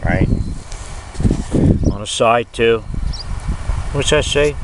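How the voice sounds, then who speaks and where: A middle-aged man hosting a casual outdoor video in a windy rural yard, talking in a folksy, jokey, animated way. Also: mid-range voice, slow. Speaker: video host. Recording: outdoor wind noise.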